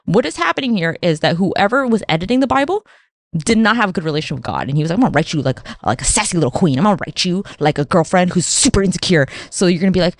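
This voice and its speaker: A woman hosting a solo podcast, talking in a rambling, profane, animated way and acting out the voices she quotes. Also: medium pitch, fast, gravelly, no echo, studio quality. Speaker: podcast host. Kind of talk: casual solo podcast monologue.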